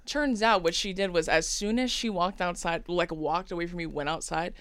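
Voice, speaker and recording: A young woman in casual chat, telling an animated story full of acted-out quotes and lots of "like". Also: lowish voice, normal speed, no echo.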